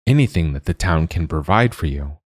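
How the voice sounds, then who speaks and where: A man's voice: lively intonation, brisk, no room sound, studio quality. A man voicing a pompous, anxious middle-aged town mayor who speaks in a formal, self-important tone in a storybook reading. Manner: formal and pompous, raised pitch.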